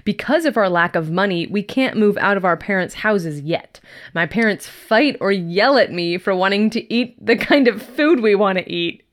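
A woman's voice: medium pitch, moderate pace. A woman co-hosting a casual podcast chat, teasing and playful as she reads listener letters aloud. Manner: playful, teasing, animated reading. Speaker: podcast co-host.

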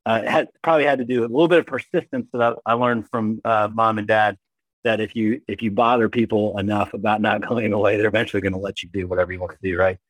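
A middle-aged man from Kentucky, an emergency doctor telling animated, self-deprecating stories as an interview guest. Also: fairly low pitch, fast talker, dry recording. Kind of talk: casual interview storytelling.

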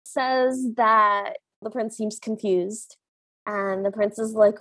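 A woman's voice: mid-range voice, fairly even intonation, slow pace, fairly bright tone, dry recording. A woman co-hosting a podcast, casually recapping a film in a chatty, giggly way and acting out the scenes as she goes. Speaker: podcast co-host.

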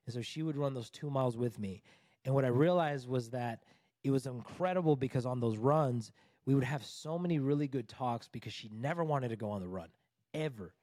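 A man in his thirties, a coach, telling a personal story in a casual interview, animated and conversational with lots of "like" and "bro". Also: mid-range voice, a little fast, no echo, studio quality. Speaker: divorce recovery coach, podcast guest.

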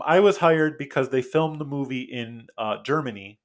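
Guy on a podcast, mid-pitched voice, rambly, keeps cutting himself off and laughing through his stories. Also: moderate pace. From United States. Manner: rambling, self-interrupting, chuckles through anecdotes. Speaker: podcast guest, comic book author. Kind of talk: casual interview storytelling.

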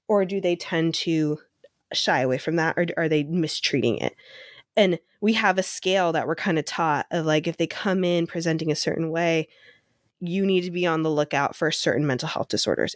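A woman's voice: low voice, no echo. Chatty woman therapist with a dry sound. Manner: chatty, lots of fillers and laughter. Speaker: podcast co-host and therapist. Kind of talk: casual chat.

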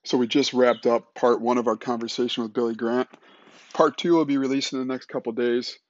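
A man hosting a podcast, easygoing and wry as he banters with guests. His voice sits at a middle pitch, and the recording has a slightly dull, lo-fi tone. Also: a little fast. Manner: relaxed, joking outro and banter. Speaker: podcast host. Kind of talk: casual podcast chat.

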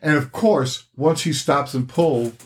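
A man's voice: on the high side, unhurried. An older man co-hosting a casual podcast with a wry, teasing sense of humor. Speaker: podcast co-host. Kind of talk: casual chat.

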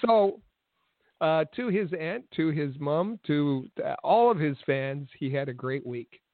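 A man's voice: on the high side, expressive, unhurried, dry recording. Chatty man co-host on a phone line. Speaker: podcast co-host. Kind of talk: casual hockey chat. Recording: tinny phone-line sound, dry.

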